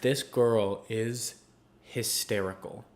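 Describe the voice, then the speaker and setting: Speaking slowly in a voice on the low side, a podcast co-host recounts a story in easygoing chat. He's an animated storyteller, acting out quotes and laughing in bursts.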